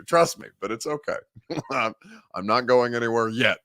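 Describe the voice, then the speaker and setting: A man's voice: mid-range voice, normal speed, bright, forceful tone, no echo. A man hosting a live sports talk show from a studio, chatting casually and answering viewer comments with wry humor.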